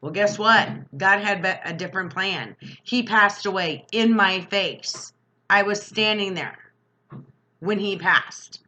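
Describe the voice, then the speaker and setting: A middle-aged woman vlogger in an angry, defiant personal rant, talking fast. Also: medium pitch, bright, forceful tone, slight background noise. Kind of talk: emotional personal rant to camera.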